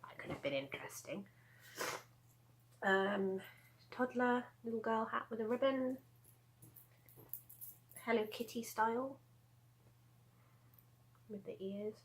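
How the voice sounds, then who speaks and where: A crochet vlogger in her thirties chats casually at home, showing off her handmade crochet pieces in a rambling show-and-tell full of asides and laughs. Her voice is on the high side, slow and often pausing, and the audio is poor.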